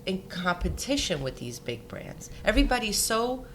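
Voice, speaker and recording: A woman's voice: medium pitch, very animated, moderate pace, slight background noise. A woman from Denmark, a jewelry designer, chatting in an interview and telling anecdotes with quoted dialogue. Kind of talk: conversational interview.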